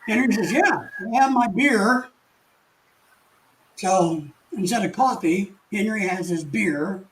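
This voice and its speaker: An older man with a fairly high-pitched voice hosts a casual live stream from home. He reads out viewer comments in a folksy, rambling way, restarting his sentences and chuckling as he goes. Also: slight background noise, poor audio.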